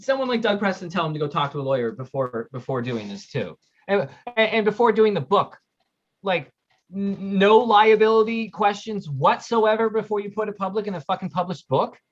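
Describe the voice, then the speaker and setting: A man co-hosting a casual livestream, reading viewer comments and ranting bluntly with frequent swearing. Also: high-pitched. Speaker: podcast co-host reading chat. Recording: muffled lo-fi audio.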